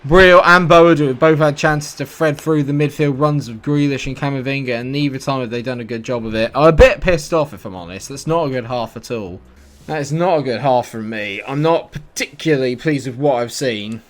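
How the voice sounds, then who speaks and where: A man's voice: mid-range voice, brisk. A young British man commentating his own football video game match, frustrated and sarcastic. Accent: British English. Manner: frustrated, swearing, sarcastic outbursts. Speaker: gaming YouTuber. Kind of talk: live gameplay commentary.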